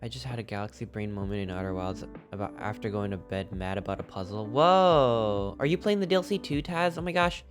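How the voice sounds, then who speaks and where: A man's voice: fairly low pitch, expressive, quick pace, few pauses. A man streaming a video game, chatting casually with viewers in a rambling, goofy way, sleepy and a little sniffly. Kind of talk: casual live-stream chat. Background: background music.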